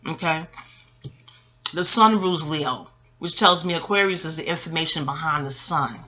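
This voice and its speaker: Woman, 40s, astrologer, loose rambling monologue, very bright and sharp tone, salty and animated with quick laughs. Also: deep voice. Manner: animated, profane, laughing asides.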